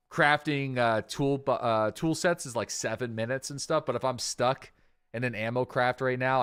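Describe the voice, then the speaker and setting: A man chatting casually while he streams a game, mid-pitched and unhurried. He thinks out loud, trailing off and circling back with lots of fillers. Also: smooth. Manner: rambling, thinking aloud with many fillers. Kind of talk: casual live-stream gameplay chat.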